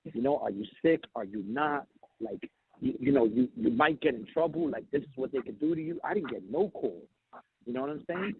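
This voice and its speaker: A man's voice: medium pitch, lively intonation, brisk, husky, no room sound. A man calling in while riding a train, talking bluntly and swearing, acting out what others said. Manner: blunt, swearing, tells stories with quoted voices. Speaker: caller. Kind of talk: casual call-in chat. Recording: tinny phone line. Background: train noise.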